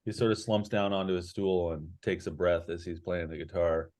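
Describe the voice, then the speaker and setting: A man's voice: low-pitched, a little fast. Laid-back man running a tabletop game. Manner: relaxed, rambling with many fillers. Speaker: game master. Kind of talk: narrating a tabletop game online.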